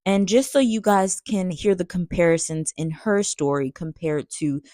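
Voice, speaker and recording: Woman, podcast host, lowish voice, chatty recap, dry close sound. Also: moderate pace, warm tone, no room sound. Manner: chatty, addresses listeners directly. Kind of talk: commentary recap.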